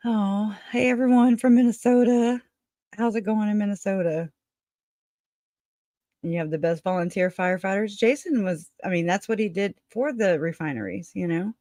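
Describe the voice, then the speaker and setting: A woman's voice: medium pitch, moderate pace, mellow, dry recording, studio quality. Rambling, laughing woman livestreaming. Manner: rambling, chatty, laughs often, talks to viewers. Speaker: livestream host. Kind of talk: casual livestream chat.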